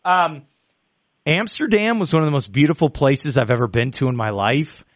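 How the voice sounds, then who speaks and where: A man's voice: fairly high pitch, moderate pace, no echo, dull audio. A man hosting a radio show, telling travel stories in casual chat and laughing often. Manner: animated storyteller, laughs often.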